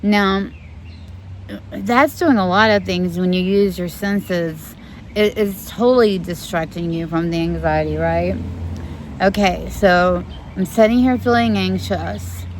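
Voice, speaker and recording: Woman, middle-aged, therapist, slow and gentle, faint birds and outdoor ambience. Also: lowish voice, steady tone, a little hiss or hum. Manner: gentle, demonstrates slow breathing. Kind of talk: calm instructional talk. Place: outdoors in the sun. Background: birds singing.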